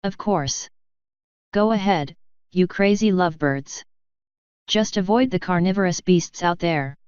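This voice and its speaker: Woman reading as a playful male chaos creature, teasing father, very clear voice, dry and slightly muffled storybook reading. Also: on the low side, unhurried, darkish tone, no echo, lightly acted.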